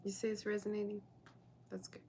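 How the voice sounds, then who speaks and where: A woman's voice: medium pitch, monotone, brisk, mellow, slight background noise. A woman reading tarot on a live stream, chatting with viewers in the chat and sometimes dropping to a whisper. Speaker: tarot reader.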